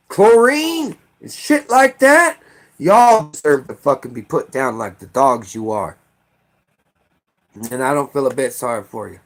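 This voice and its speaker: An American man in middle age delivering an angry, profane political rant with heated outbursts. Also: high-pitched. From United States. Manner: heated, profane, shouting bursts.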